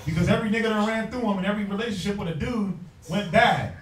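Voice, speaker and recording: A man's voice: sits high, fast. A man teaching a Bible class in a blunt, streetwise way. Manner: blunt, streetwise, laughs while joking. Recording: echoey room, mic far off.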